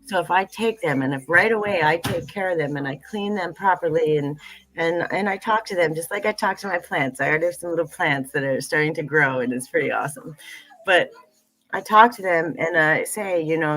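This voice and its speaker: Woman, middle-aged, lower voice, earnest livestream guest who repeats herself. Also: brisk, fairly bright tone, rough recording. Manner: earnest, repeats phrases, many fillers. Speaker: tea business founder, guest. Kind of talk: heartfelt livestream conversation.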